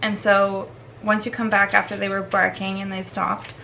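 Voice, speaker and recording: A woman's voice: medium pitch, flat delivery, normal speed, gravelly, pushed and bright, low-quality recording. Woman, dog trainer, casual vlog, chatty with fillers, slight noise behind. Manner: chatty, laughs often, filler-heavy.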